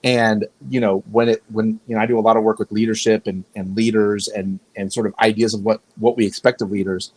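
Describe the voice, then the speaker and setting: A man's voice: lowish voice, level tone, a little fast, hardly any pauses, a little mellow, no echo, rough recording. Man, podcast guest, casual chat, rambling, self-correcting, dry close sound. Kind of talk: casual conversation.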